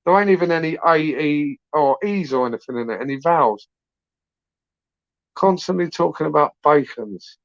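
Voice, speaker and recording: An animated British man with a higher voice runs a late-night live stream for his YouTube channel, speaking at a moderate pace. He rambles casually, uses slang, swears freely and keeps adding tag questions in his British English. The audio sounds dull, with no room sound.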